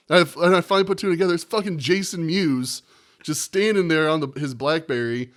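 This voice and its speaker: A man's voice: on the high side, quick pace. A man in his thirties co-hosting a podcast, telling a profane anecdote in casual chat and acting out the quotes. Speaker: podcast co-host.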